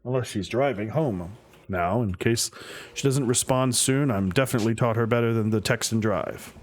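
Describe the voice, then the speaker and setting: A man's voice: mid-range voice, moderate pace, slight background noise. A man reading a story game aloud for a let's play, voicing the dad character, with playful joking asides. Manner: playful, joking asides between read lines.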